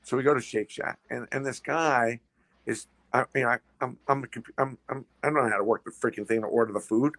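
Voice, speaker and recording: A man telling stories as a podcast guest, fast and full of restarts and repeated words. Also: mid-range voice, steady tone, vocal fry, fairly bright tone, no echo. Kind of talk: casual storytelling.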